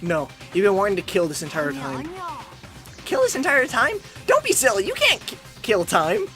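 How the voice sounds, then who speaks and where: A cruel, grinning bear headmaster cackles through his rules in a high, bright, singsong voice, as a man puts him on. His pitch leaps all over as he mocks the students. Faint game music plays underneath. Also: wildly swooping pitch, normal speed. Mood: mocking. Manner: high, sing-song and mocking. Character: gleeful sadistic bear headmaster, male. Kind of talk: reading a game aloud with voices.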